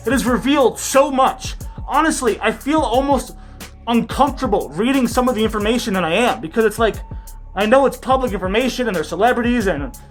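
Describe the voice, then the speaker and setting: Commentary vlogger: woman, loud and profane, sarcastic, mask-muffled, pitched above average. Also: animated, brisk, soft background music. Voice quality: slightly muffled by a face mask. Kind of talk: ranting commentary.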